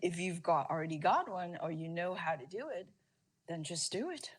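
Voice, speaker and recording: A woman's voice: on the low side, expressive, normal speed, breathy edge. A woman speaking as a storytelling expert in a conversational interview, stressing her points with repeated phrases. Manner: emphatic, repeats phrases for weight.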